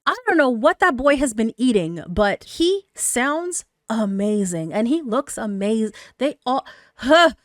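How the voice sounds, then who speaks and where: A woman hosting a music reaction channel. She talks in casual commentary, gushing and excitable, swearing casually and swinging between hushed murmurs and loud bursts. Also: a little high, a little slow, no room sound, clean studio sound.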